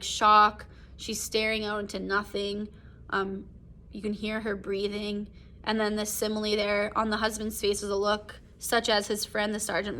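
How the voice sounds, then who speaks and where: A woman's voice: medium pitch, sharp tone. A woman teacher reading a short story aloud and explaining it in a casual recorded lesson, with many fillers. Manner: reads passages aloud then explains them with fillers like "um", "like" and "right?". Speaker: English teacher.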